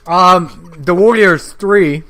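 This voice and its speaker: A man's voice: sits high, slow pace, sharp tone. A man co-hosting a casual podcast chat, laid-back and chuckling as he talks. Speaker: podcast co-host. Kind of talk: casual chat over a phone call.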